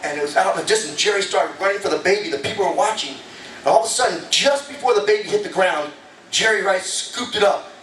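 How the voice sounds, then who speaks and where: A man's voice: high-pitched, fast talker, fairly bright tone, distant mic, slight background noise. A male stand-up comedian performing a casual, chatty set and bantering with a live audience on a comedy club stage. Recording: echoey club recorded from afar.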